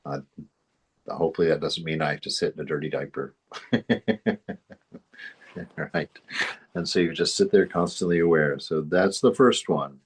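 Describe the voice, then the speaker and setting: A man's voice: rumbling low, moderate pace, pauses often, slightly rough. A man giving an informal spiritual teaching, rambling into anecdotes and chuckling often. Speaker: spiritual study group teacher.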